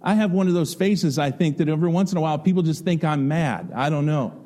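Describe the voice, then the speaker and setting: A middle-aged pastor preaching a conversational, folksy sermon full of stories and rhetorical questions. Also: male voice, a little high, animated, fast, mellow.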